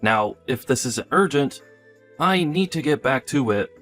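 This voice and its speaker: A man's voice: mid-range voice, expressive, a little slow, fairly bright tone, soft background music. A man voicing a careless, selfish young husband in a text-story drama, offhand and dismissive.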